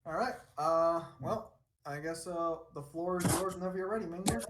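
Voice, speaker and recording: A man's voice: a little high, moderate pace. A man moderating a casual online debate, joking and laid-back. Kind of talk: casual chat on a voice call. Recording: echoey room with loud background noise.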